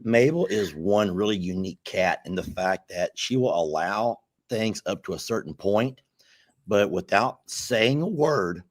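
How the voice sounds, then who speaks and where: A man hosting a casual chat from his home and yard, relaxed and rambling, often restarting his sentences, recorded on a laptop mic. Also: on the low side, measured pace, no room sound. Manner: relaxed, rambling, self-correcting. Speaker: host. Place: home and backyard.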